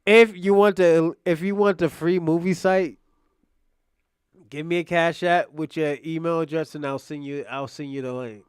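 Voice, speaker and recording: Reaction streamer, male, high and smooth voice, animated and profane, casual live commentary. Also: moderate pace. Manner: animated, loose and profane, talking to chat.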